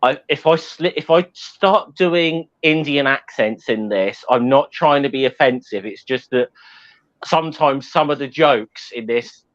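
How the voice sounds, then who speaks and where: A man's voice: medium pitch, a little slow, a bit bright, dull audio. A man co-hosting a podcast in casual chat, stumbling and apologetic. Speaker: podcast co-host.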